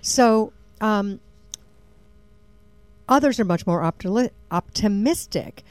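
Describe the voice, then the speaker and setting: A woman co-hosting a radio talk show, chatty and quick to laugh while reading out survey figures. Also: mid-range voice, animated, a little mellow, clear, resonant tone, no echo. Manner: chatty, laughs often, reads figures aloud. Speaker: radio co-host.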